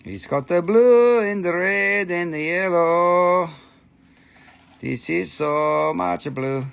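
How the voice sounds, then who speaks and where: A man with a slightly high, gravelly voice hosts a live crystal sale late at night. He sounds tired but keeps up a stream of playful, profane banter. His phrasing is loose and non-native as he pitches piece after piece. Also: slow pace. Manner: animated, jumps between teasing and pitching. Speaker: crystal seller hosting a live sales stream. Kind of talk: casual live sales chatter.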